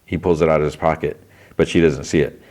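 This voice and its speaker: A man's voice: very deep voice, steady tone, darkish tone. A man hosting a podcast, casually retelling a television episode scene by scene, full of "he's like" and small restarts. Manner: retells scenes loosely, lots of "he's like" and "kinda", quick restarts. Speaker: podcast host.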